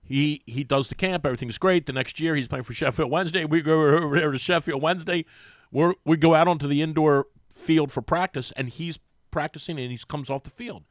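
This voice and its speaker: Radio guest, male, lively storyteller, slightly high voice, dry studio mic. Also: brisk, no echo. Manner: animated storyteller, mimics voices, lots of restarts. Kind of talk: casual sports radio chat. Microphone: studio microphone.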